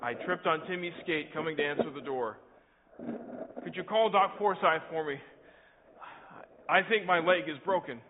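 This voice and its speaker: A man playing a young pastor, hurt but gentle and patient with a boy. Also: fairly high pitch, moderate pace, long pauses, slight background noise, lightly acted. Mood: pained. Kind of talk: church cantata drama. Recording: tinny lo-fi recording.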